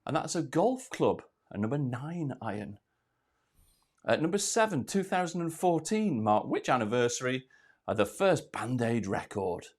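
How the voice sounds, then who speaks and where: A man's voice: medium pitch, sing-song, normal speed. Breathless man hosting a quiz. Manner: chatty, self-deprecating, reads questions then answers. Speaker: quiz host. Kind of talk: live online pub-quiz hosting.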